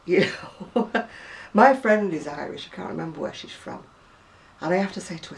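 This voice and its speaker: Speaking at normal speed in a fairly low, gravelly and darkish voice, an animated home video blogger in her sixties reads words aloud in a chatty video reply. She's from Lancashire, with an Oldham-area accent softened by years near Manchester, and she rambles conversationally, full of asides and self-corrections. The mic is a little distant.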